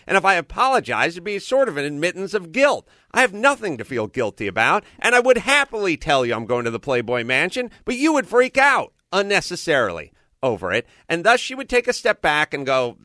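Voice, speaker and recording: A man's voice: a little high, a little fast, no room sound, clean studio sound. A man co-hosting a radio talk show, telling stories bluntly and profanely in casual comedic chat. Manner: blunt, profane, animated storyteller. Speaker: radio co-host.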